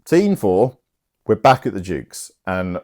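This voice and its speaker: A man's voice: deep voice, takes it slowly. A young man casually and irreverently retelling a play's plot with plenty of swearing, while drinking. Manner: irreverent, swears freely, animated. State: drinking, slightly tipsy. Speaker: host.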